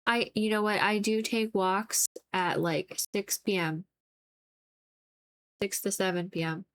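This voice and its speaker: A young adult woman streaming as she paints, chatting in a relaxed, rambling way with lots of "like". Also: medium pitch, slow pace. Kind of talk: casual chat while painting on stream.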